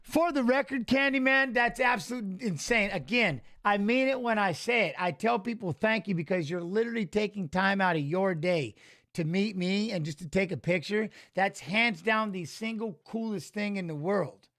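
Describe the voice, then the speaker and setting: A man with a notably high voice gives loose, live commentary while watching fights. He rambles, talks straight to the viewers in chat, and gets openly emotional about the action. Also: normal speed, fairly bright tone.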